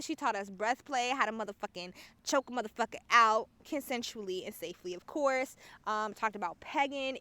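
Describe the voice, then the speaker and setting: A woman hosts her podcast alone, telling a long story in a loose, chatty way. Her voice is bright and a little sharp, and she swears freely. She gets animated and laughs a lot along the way. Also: mid-range voice, clean tone. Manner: animated, profane, laughs often. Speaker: podcast host. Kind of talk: casual storytelling monologue.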